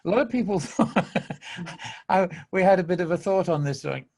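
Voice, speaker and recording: A man's voice: sits high, expressive, normal speed, a little mellow. A man with a Manchester accent hosting a podcast, talking in a rambling, enthusiastic way and laughing often. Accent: Mancunian. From England. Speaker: podcast host. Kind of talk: casual monologue.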